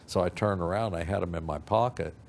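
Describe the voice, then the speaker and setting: An older man recounting a story in a relaxed, rambling interview style, often acting out what other people said. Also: deep voice, a little fast, slight background noise. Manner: rambling, acts out quoted voices, frequent fillers. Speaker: interview guest. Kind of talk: anecdotal storytelling.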